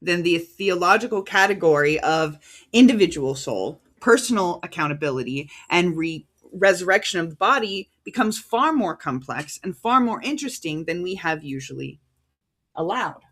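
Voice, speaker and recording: An American woman preaching a livestreamed sermon in a conversational, halting way, stopping to sort out names and titles as she reads them out. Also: lowish voice, expressive, a bit bright. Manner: conversational, halting, stops to reread cited titles.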